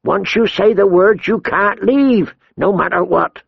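A stubborn young recruit, firm and insistent, voice lifted above the narrator's, as a man voices him. Gravelly texture, dull dry recording. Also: high voice, unhurried, no echo, voice pushed up, heavily acted. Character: young male recruit, stubborn and oath-proud.

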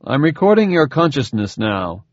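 Cool sardonic dad-scientist guy, husky, bouncy pitch, kinda muffled, narrator doing the voice. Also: big pitch swings, normal speed, dry recording. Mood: sardonic calm. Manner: dry, smooth, faintly mocking. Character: calm sardonic father and scientist man.

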